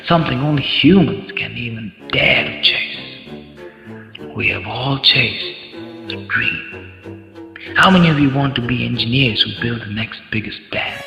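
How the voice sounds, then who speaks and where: A man's voice: medium pitch, creaky, bright, forceful tone. A man telling a story in a speech to an audience, in a dramatic way and with questions to the crowd. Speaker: contest speaker. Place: large hall. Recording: echoey hall, dull sound, faint music.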